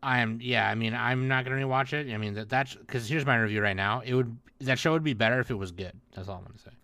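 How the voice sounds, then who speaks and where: A man's voice: medium pitch, fast, sharp tone, no echo. A man co-hosting a podcast in casual chat, teasing his friends with blunt, dry remarks. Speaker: podcast co-host.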